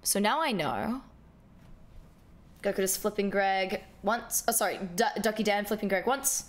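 A woman livestreaming a game, chatting casually with her viewers, excitable and swearing freely. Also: mid-range voice, a little slow, a little hiss or hum. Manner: excitable, swears a lot, talks to chat. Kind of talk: casual gameplay livestream chat.

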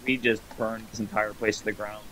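A man co-playing a comedy game with a friend, excitable and quick to yell and laugh. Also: on the low side, breathy edge, low-quality recording. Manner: excitable, prone to yelling and laughing. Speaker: co-player. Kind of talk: comedic gameplay chat.

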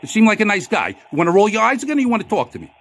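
A man's voice: high-pitched, huge pitch swings, racing, fairly bright tone. A middle-aged man in a post office lobby, filming on his phone and arguing in a combative, insulting, repetitive way. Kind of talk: heated on-the-spot argument.

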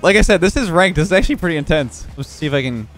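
A young man giving live commentary over his own gameplay, excitable and quick to laugh, with frequent exclamations. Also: a little high, faint music behind. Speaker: gaming YouTuber.

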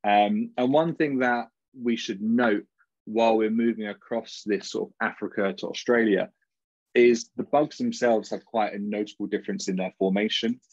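A young man with a British accent presents his research in a relaxed, joking way, his voice sitting fairly low. The video call audio sounds dull and dry, with no room around it. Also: moderate pace, dry recording. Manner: informal and jokey. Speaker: PhD student presenter. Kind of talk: academic conference talk.

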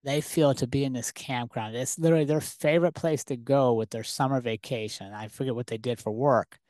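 A man hosting a podcast, telling a personal story in a lively, conversational way full of rhetorical questions. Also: medium pitch, a little fast, dry recording, clean studio sound. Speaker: podcast host. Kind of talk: casual storytelling monologue.

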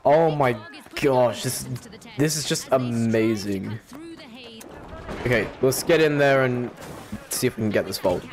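A man commentating his own gameplay, excitable, swearing, yelping and laughing. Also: mid-range voice, unhurried, long pauses, slight background noise. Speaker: gaming channel host.

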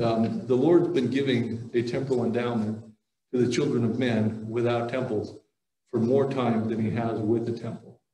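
A man's voice: medium pitch, mellow, distant mic. A man giving a casual, joking religious talk at a conference and taking audience questions, with many fillers and restarts. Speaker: conference speaker. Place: conference hall. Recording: roomy hall audio, voice heard from afar.

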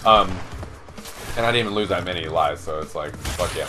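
A man's voice: low voice, brisk, over music. A young man hosting a let's play, rambling in casual gaming chat with many restarts and curses. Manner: rambling, lots of restarts and swearing.

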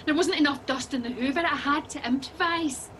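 A high, bright-toned Scottish woman, frazzled and defensive, tearful and snapping in a comic audio drama. A faint hiss of noise sits under the voice. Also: a little fast. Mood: flustered.

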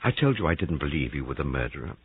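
Man doing quiet gentle young woman, deep and husky, dry phone sound. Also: fast, no room sound, narrow, tinny audio, heavily acted. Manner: soft, quiet, calm.

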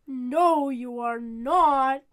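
A woman's voice: high-pitched, takes it slowly. A woman reading a storybook and voicing a stubborn, proud male ash tree that refuses to give way. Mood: stubborn defiant. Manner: defiant, firm.

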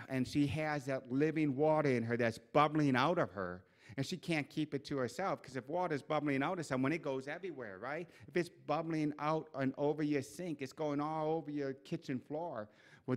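Man preaching an animated sermon. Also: fairly high pitch. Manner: animated storytelling, acts out quoted voices. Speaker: pastor. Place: church sanctuary.

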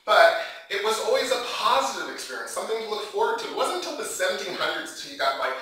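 Bright-voiced man in an echoey room. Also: high-pitched, quick pace. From Canada. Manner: animated, joking, acts out quoted voices. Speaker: invited speaker, author. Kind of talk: public talk with storytelling. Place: lecture room at a college. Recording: very echoey room, mic far off.

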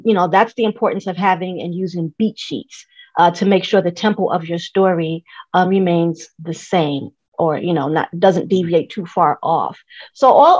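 Screenwriting teacher lady, lowish voice, earnest, lots of you know, dry dull recording. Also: a little mellow, dry recording. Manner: measured, earnest, fills pauses with "you know". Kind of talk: interview answers.

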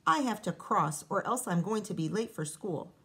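A woman's voice: mid-range voice, lively intonation, normal speed, fairly bright tone, slightly rough, full character voice. A woman voicing a sensible, bossy young schoolgirl in a storybook, matter-of-fact and scolding. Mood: stubborn.

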